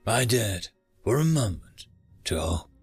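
A man narrating a dramatic first-person story, sometimes dropping into hushed tones. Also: fairly low pitch, very animated, takes it slowly, breathy edge. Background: faint music.

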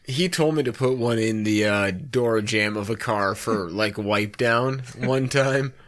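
A man's voice: fairly low pitch, unhurried, fairly bright tone. A man joining casual banter among friends, easygoing and amused.

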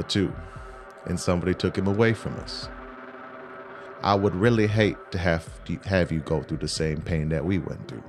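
A man playing a tabletop game in character, speaking in a slow, coaxing, quietly menacing way. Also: low-pitched. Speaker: player. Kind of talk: in-character tabletop role-play.

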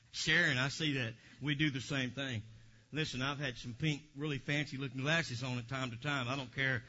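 Preaching in a church, this man speaks at a medium pitch and an ordinary speed. He jokes lively with his congregation and bursts into shouts now and then, all captured on a dull, lo-fi recording.

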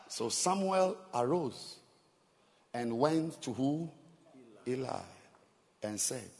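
A male pastor preaches in a slow, deliberate rhythm, his pitch swinging widely as he laughs and throws questions at the congregation. Every phrase hangs in the long reverb of a church hall. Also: lively intonation. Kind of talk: sermon.

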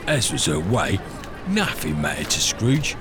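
A man plays a dim, easily frightened street seller who chatters away with questions in a lively, bouncing voice. A clear hiss runs under the home recording. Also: deep voice. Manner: naive and chatty, quick questions.

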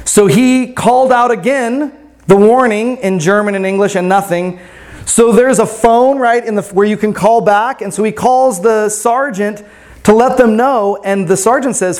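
A man's voice: sits high, measured pace, darkish tone. A pastor telling a story to his congregation in a casual sermon, often checking in with "right?".

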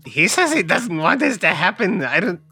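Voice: medium pitch, very animated, moderate pace, sharp tone, slightly rough, faint music behind. A player in a tabletop game, rambling and flustered while speaking in character. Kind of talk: tabletop role-play.

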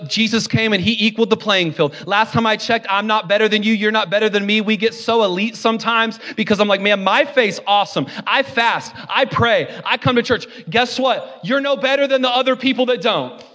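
A man's voice: high voice, a bit bright, slight background noise. A man preaching a sermon as a pastor in a church, mixing joking asides with impassioned, repeated refrains.

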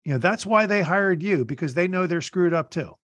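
A man hosting a business podcast, telling blunt, animated stories in a casual interview. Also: high-pitched, dry recording. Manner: animated storytelling, blunt, fast bursts. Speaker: podcast host.

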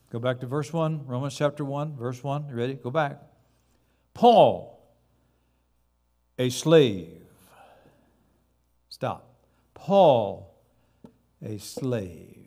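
A man's voice: fairly high pitch, normal speed. A man preaching a sermon as pastor, building dramatically to emphatic repeated words.

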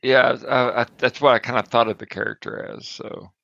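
A man's voice: medium pitch, fairly even intonation, moderate pace, gravelly, fairly bright tone, dry recording. A man playing in a tabletop game, laid-back and prone to chuckling. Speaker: player. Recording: dull lo-fi dry sound.

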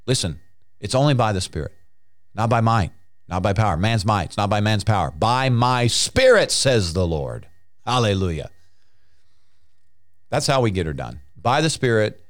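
A male preacher delivering a sermon in a somewhat low voice. He talks emphatically, circling back over his phrases and punctuating them with hallelujahs. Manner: emphatic and repetitive, restarting phrases, frequent hallelujahs.

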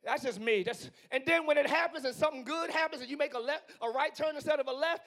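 A man in his forties preaching with a strikingly high voice, hoarse from use. He drifts between hushed, thoughtful asides and loud, yelled exhortation, the way a pastor works a live congregation. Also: fast. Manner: swings from quiet musing to yelling. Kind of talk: live sermon. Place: church sanctuary.

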